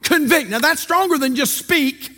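A man's voice: high-pitched, animated, moderate pace, a bit bright, in a large hall. An older man preaching a sermon as pastor, folksy and storytelling, with rhetorical questions. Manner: folksy, asks rhetorical questions and tells stories.

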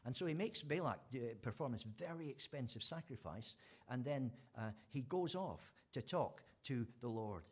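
A man's voice: mid-range voice, lively intonation, moderate pace, a little mellow, slightly rough. A man preaching an informal sermon, retelling a story in a chatty way with fillers and restarts.

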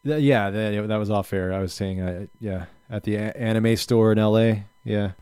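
A man's voice: lowish voice, steady tone, normal speed, mellow, clear, resonant tone, no echo. A man co-hosting a podcast, chatting in a dry, laid-back way and often trailing off. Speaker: podcast co-host. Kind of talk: casual chat.

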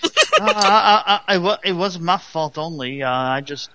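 A man co-hosting a casual call-in show, deadpan with offbeat jokes. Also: high voice, unhurried, heavy background noise. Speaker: co-host.

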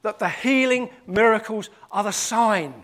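High-voiced man preaching a lively sermon. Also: a little slow. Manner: lively, acts out quoted voices, emphatic repetition.

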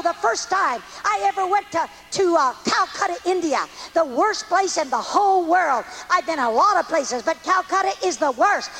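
A woman's voice: extremely high pitch, a bit bright. A woman evangelist giving an earnest, folksy testimony sermon. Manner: earnest, pleading, folksy preaching.

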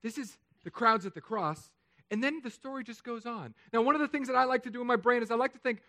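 A man preaching a sermon, telling stories with jokes and playful asides that turn hushed and solemn. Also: very high voice, fast. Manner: animated, joking storytelling with hushed, solemn turns. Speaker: pastor.

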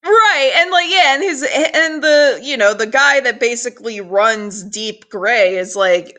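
A woman co-hosting a podcast, chatting casually about an episode, animated and swearing freely. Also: mid-range voice, measured pace, few pauses. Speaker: podcast co-host. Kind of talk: casual recap chat.

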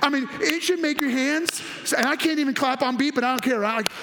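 A man preaching a sermon as pastor, excitable and animated, swinging between hushed and loud with a half-laughing delivery. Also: very high-pitched, brisk, noisy background.

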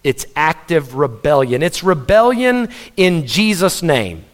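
A man's voice: fairly high pitch, very animated, slow pace. A man, a pastor, preaching a sermon in an emphatic way, asking the congregation questions and often repeating words as he presses his point.

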